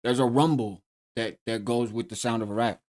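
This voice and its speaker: A man's voice: mid-range voice, fairly even intonation, brisk, darkish tone. A middle-aged man casually telling a story in streetwise slang, often checking in with "right?". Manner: streetwise slang, frequent "right?" tag questions. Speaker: host telling a prison story.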